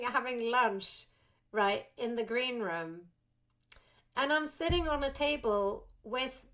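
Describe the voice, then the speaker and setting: Woman telling a lively anecdote as a guest. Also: a little high, a little slow. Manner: animated, acts out quotes of herself and others. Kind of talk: casual interview storytelling.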